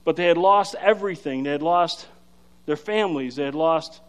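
A man preaching a sermon, explaining scripture in an emphatic, energetic way with frequent fillers and restarts. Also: on the high side, moderate pace, clean tone. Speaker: pastor.

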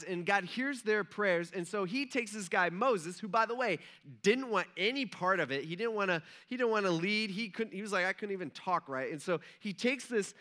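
A man's voice: sits high, pushed and bright. A man preaching a sermon in a casual, conversational storytelling way, acting out quotes and often saying "like". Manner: conversational, chatty, acts out quotes, frequent "like". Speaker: pastor.

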